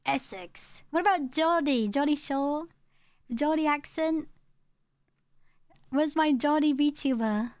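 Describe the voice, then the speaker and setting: Chatty high-voiced woman streamer. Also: slow, pauses often, darkish tone, dry recording. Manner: chatty, rambling, repeats herself; tones down her home accent. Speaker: VTuber streamer. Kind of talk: casual live-stream chat, reading chat aloud.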